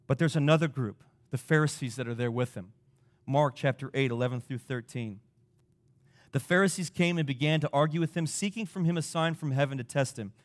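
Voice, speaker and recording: A pastor preaches a sermon in a mid-range voice, delivering it emphatically. He poses rhetorical questions and swings between loud and soft.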